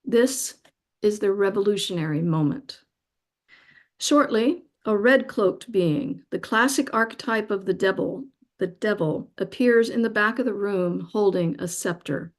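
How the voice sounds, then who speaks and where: A woman with a mid-range voice, appearing as a guest speaker, reads a spiritual account aloud. Her delivery is slow, soft and reverent, and she sounds close to tears.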